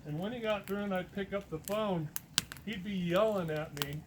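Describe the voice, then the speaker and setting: A man recounts a story to a listening audience, slipping in lively impressions of the people he quotes. His voice sits a little high for a man. Steady background noise runs under the recording. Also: moderate pace, low-quality recording. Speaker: guest speaker. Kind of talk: storytelling talk.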